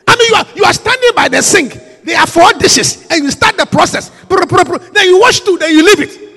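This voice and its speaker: High-voiced preacher man in an echoing hall. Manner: emphatic and repetitive, swinging from hushed to shouting. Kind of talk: sermon.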